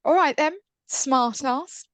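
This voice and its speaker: A woman voicing a frightened little girl who is her own inner voice, in a high pleading tone. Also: takes it slowly, fairly bright tone, dry recording. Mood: defiant, taunting. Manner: high-pitched pleading, then defiant.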